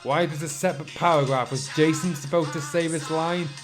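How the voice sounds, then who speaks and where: Male fan-fic riffer, fairly high voice, dry sarcastic commentary, faint music bed. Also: steady tone, fairly quick. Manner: wry and sarcastic asides. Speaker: fan fiction reader and riffer. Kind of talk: comedic reading with commentary.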